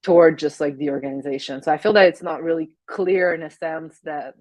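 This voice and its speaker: A woman in her thirties with a French Canadian accent chats as an interview guest, pausing and filling with "like" as she searches for words. Her voice sits a little low, and the recording is dry and close. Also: steady tone, a little mellow, dry recording. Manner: hesitant, many fillers, laughs often. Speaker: guest, Olympic speed skater. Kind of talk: casual interview chat.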